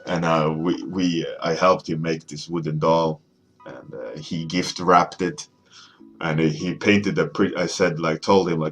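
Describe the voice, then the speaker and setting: A man in his thirties, an artist chatting casually as he works, rambling and halting with many restarts. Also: low voice, fairly even intonation, a bit bright, faint music behind. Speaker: artist streaming a warmup session. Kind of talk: casual storytelling while working.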